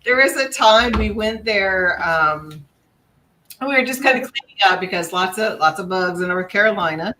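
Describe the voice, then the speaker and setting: A woman with a bright, mid-pitched voice shares memories of a haunted house in a loose podcast conversation. She is chatty and laughs between phrases. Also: lively intonation, normal speed, slight background noise, poor audio. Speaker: guest paranormal investigator. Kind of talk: casual podcast chat.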